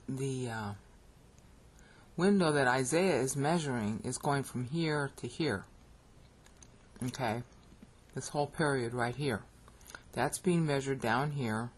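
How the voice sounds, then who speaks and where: This is an American-accented Bible teacher talking over a screen recording, with a husky, slightly rough voice that sits at an ordinary middle pitch. They explain step by step and keep checking in with the listener, tossing in a quick "okay?" or "all right?" between points. It sounds like a computer mic at a desk. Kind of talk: screen-recorded lecture narration.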